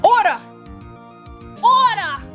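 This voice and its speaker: A woman voicing a stern older male judge who calls the court to order in a booming, formal way. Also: big pitch swings, normal speed, faint music behind.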